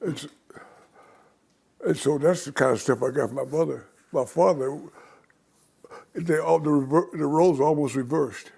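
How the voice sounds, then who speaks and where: An older man with a gravelly, somewhat husky voice tells his life stories at a steady pace. He rambles a little and slips into the voices of the people he quotes. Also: a little high, normal speed, long pauses. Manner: rambling anecdotal storyteller who acts out quoted voices. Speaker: interview guest. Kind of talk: storytelling in an interview.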